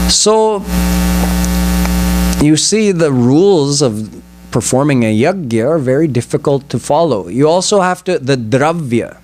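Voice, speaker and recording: Man, spiritual lecture, temple hall, deliberate, slow pace, slightly high voice. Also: lively intonation, a little mellow. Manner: slow, deliberate, explanatory, stresses pronunciation. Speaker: swami giving a religious lecture.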